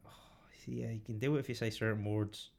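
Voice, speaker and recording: A man's voice: on the low side, steady tone, fast talker, gravelly, a little mellow. A young man co-hosting a casual podcast chat who laughs a lot, swears freely and mimics comedians' bits. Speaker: podcast co-host.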